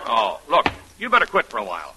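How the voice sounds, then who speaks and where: An actor playing a gruff, sarcastic middle-aged baseball manager who also narrates, in 1940s radio acting. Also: male voice, medium pitch, wildly swooping pitch, quick pace, background noise. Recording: old radio broadcast with music.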